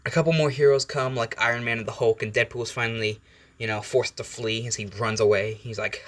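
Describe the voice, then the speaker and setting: A man's voice: medium pitch, steady tone, brisk, fairly bright tone. A man casually retelling a fan story, rambling and laid-back, with fillers and casual swearing.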